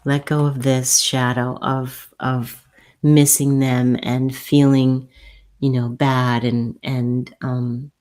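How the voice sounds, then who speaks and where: A woman hosting a live spiritual advice chat and reading oracle cards. She talks gently and soothingly, halting often and repeating herself as she goes. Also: a bass voice, little pitch movement. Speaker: host and spiritual healer.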